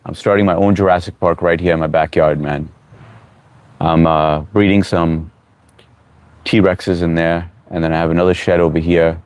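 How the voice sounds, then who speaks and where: A man with a low, deep voice hosts a relaxed live stream, greeting viewers one by one and reading their comments aloud. His talk is casual and encouraging, like advice from a friend. The sound is dry and close, with little room echo. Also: normal speed.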